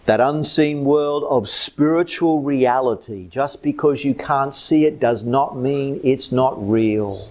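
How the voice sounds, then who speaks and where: A man with an Australian accent preaching a sermon as pastor, swinging between loud emphatic lines and low hushed ones. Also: slow pace, hardly any pauses.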